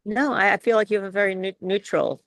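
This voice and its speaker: A woman's voice: medium pitch, quick pace, no echo. A woman from New York, a speech coach, leading a chatty webinar Q and A with many restarts and laughs.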